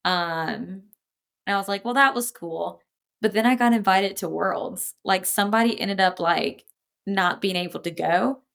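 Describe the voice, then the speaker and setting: Young woman, podcast guest, casual chat, animated storytelling, laughs a lot, mid-pitched voice. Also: a little slow, creaky. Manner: animated, laughs often, acts out quoted voices. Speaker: podcast guest, powerlifter and coach.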